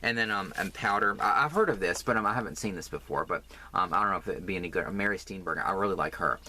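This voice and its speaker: A man's voice: low-pitched, expressive, fast talker, pushed and bright. A man vlogging casually about crochet, rambling, self-mocking and overdramatic. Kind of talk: casual chat vlog.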